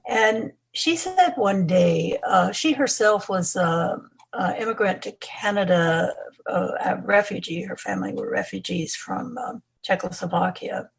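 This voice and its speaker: An older woman, a guest historian and author, reflecting in an interview with a husky, creaky voice and many "um"s. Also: medium pitch, measured pace, rough recording. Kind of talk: interview conversation.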